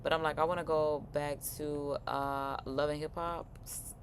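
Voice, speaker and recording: Lady host reacting on stream, lowish voice, chatty n expressive, little bit of room noise. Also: a little slow. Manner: chatty and expressive, slang-heavy, frequent laughs. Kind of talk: casual reaction chat.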